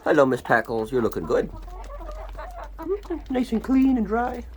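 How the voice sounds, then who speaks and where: A man's voice: huge pitch swings, measured pace. A man doing farm chores outdoors, casually chatting to his chickens in a playful sing-song voice. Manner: playful, talks to animals in a high sing-song voice. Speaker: homesteader vlogger. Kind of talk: casual chat to his birds. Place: outdoors in a muddy chicken yard. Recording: noisy outdoor farmyard recording. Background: clucking chickens and birds.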